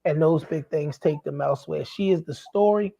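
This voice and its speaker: A man's voice: a little high, normal speed, gravelly, mellow. A man with a Baltimore accent, a talk show host who is also a pastor, joking with preacher-style asides. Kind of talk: casual talk-show chat. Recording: slightly dull, muffled sound.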